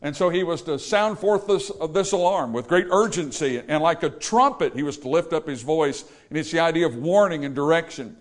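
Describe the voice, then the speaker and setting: A man's voice: a little high, a little fast, hardly any pauses. A man preaching a sermon to a congregation, emphatic and full of rhetorical questions. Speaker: pastor. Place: church service.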